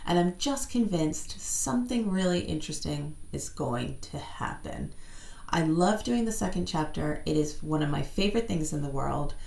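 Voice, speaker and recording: A middle-aged woman with an American accent talks in a low, gravelly voice. She is chatty and self-deprecating, laughing often as a guest. Her voice rings in a roomy, echoing space. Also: expressive, moderate pace, a little mellow. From United States. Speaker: guest actor. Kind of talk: casual interview chat. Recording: echoey room.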